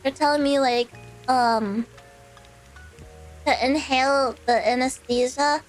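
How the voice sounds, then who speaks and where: A woman's voice: high voice, fairly even intonation, slow pace, soft background music, low-quality recording. A woman streamer telling a personal story in a casual, rambling way, full of fillers and small laughs. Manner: rambling, filler-heavy, with laughs between phrases.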